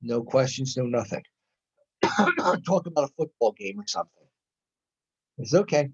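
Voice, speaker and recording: Male lecturer, husky voice, storytelling style with quoted dialogue; muffled lo-fi recording. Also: fairly high pitch, moderate pace. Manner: animated retelling with quoted dialogue.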